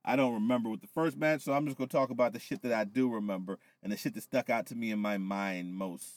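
A man on a podcast, casually recapping wrestling with loose, profane, animated storytelling, a little tipsy. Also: fairly low pitch, fast talker, dry recording. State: tipsy from whiskey. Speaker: podcast co-host.

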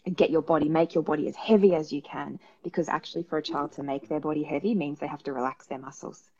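A woman with an Australian accent, a psychologist giving parenting advice in a relaxed, thoughtful way, with many fillers. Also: deep voice, quick pace, lo-fi sound. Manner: thoughtful, rambling with many fillers, acts out examples. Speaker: perinatal psychologist guest. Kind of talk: casual advice talk. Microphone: video call.

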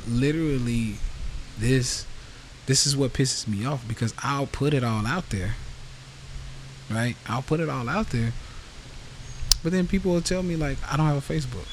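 A man hosting a casual podcast rant, blunt and profane, getting heated as he answers live comments. His voice sits at an ordinary pitch. Faint noise hums behind him. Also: low-quality recording. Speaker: podcast host.

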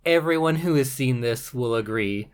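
A man's voice: mid-range voice, animated, normal speed, clean tone. A man co-hosting a podcast in casual chat, with dry, self-described grumpy banter. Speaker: podcast co-host.

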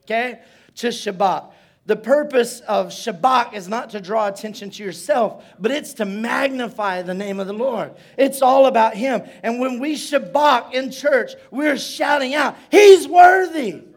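A man preaching as pastor in a church service, telling stories with playful asides and building to loud shouts. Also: very high voice, a little slow. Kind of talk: sermon.

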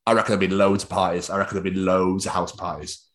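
A man's voice: low voice, flat delivery, very fast, fairly bright tone, a little hiss or hum. A young man co-hosting a podcast, chatting casually with sweary, giggly banter. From Wales. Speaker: podcast co-host. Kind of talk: casual chat.

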